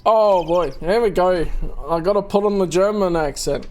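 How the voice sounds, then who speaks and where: A man's voice: high voice, normal speed, hardly any pauses, a little mellow, slight background noise. A man hosting a casual let's play, chatting and reading game text aloud.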